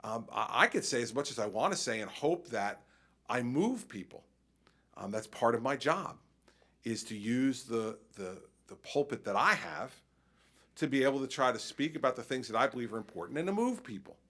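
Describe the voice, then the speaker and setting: A man's voice: medium pitch, normal speed. A man serving as governor who answers a conference question by telling stories and acting out his exchanges with people. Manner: animated storytelling, acts out exchanges. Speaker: state governor.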